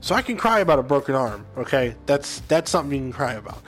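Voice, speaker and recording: A man's voice: medium pitch, very animated, fast, a bit bright, faint music behind. A young man casually telling personal stories to his viewers in a rambling way, full of fillers and asides. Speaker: gaming video host.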